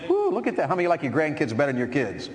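A middle-aged man preaching to a congregation in a folksy, question-asking way. His voice sits a little higher than most men's. A long reverb from a church hall trails behind every line. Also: huge pitch swings, very fast, very noisy. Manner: folksy, asks the crowd questions. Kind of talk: sermon.

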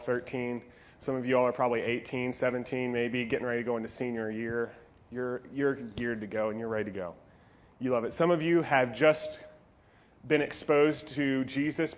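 Jokey, animated male youth preacher. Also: mid-range voice. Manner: animated, jokey, playful asides. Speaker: youth pastor. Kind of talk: youth sermon.

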